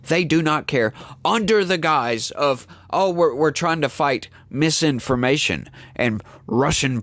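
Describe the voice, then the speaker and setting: A man's voice: medium pitch, fairly bright tone, no room sound. A man hosting a solo political commentary show, ranting in a heated, emphatic way.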